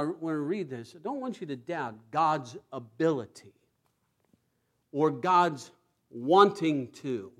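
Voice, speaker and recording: A preacher delivering a sermon in an emphatic manner, swelling to loud exclamations of praise. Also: medium pitch.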